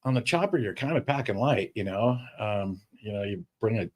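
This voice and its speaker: A man as a podcast guest, chatting casually and telling animated stories. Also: on the low side, normal speed. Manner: animated, chatty storyteller with restarts. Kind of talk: casual chat, storytelling.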